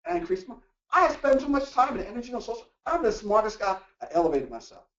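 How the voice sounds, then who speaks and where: A man presenting a motivational workplace talk, animated and full of rhetorical questions. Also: very high voice, fast. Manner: animated, acts out quoted voices and asks rhetorical questions. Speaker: workshop presenter. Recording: echoey room, distant mic, dull lo-fi sound.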